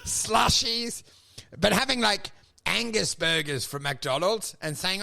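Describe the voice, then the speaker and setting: Gravelly loud man. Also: high-pitched, animated, takes it slowly. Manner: loud, laughing, swearing storyteller. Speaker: podcast co-host. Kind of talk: casual chat.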